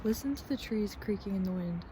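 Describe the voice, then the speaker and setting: A young woman talking casually in a vlog, soft and half-whispered at times, then gushing and emotional. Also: medium pitch, animated, brisk, background noise. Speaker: vlogger. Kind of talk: casual vlog talk to camera. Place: outdoors on a winter hike.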